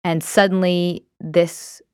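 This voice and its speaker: A woman's voice: fairly low pitch, flat delivery, takes it slowly, smooth, no room sound, studio quality. A woman giving casual, candid self-help advice on emotions, talking conversationally with frequent fillers.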